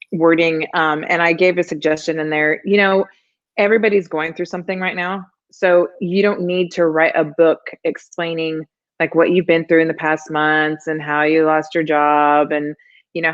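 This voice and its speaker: A woman co-hosting a casual live stream about weddings, explaining things in a chatty, rambling way. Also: sits low. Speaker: wedding business co-host. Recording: muffled, lo-fi video call audio.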